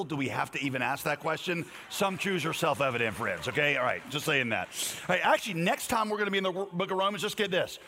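A pastor delivers a sermon in a joking, conversational way, his voice rising for emphasis on each verse he reads. His tone is bright and a touch high. The sound carries a long reverb from the church sanctuary.

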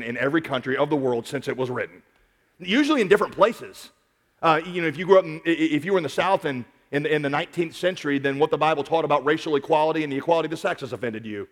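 A man preaching a sermon as a pastor, animated, repeating words and swinging between quiet stretches and loud peaks. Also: fairly high pitch, fast. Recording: long hall reverb.

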